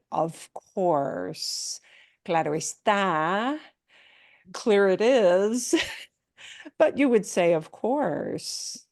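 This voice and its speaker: A woman's voice: mid-range voice, vocal fry, dry recording. Woman teaching Spanish pronunciation in a dry room. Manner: explains pronunciation patiently, mixing Spanish and English. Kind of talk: online language class.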